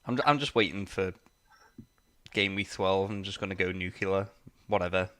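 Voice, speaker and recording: A man co-hosting a podcast over an online call, excitable and given to exasperated grumbling. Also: low-pitched, normal speed, no room sound. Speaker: podcast co-host. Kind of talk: casual chat.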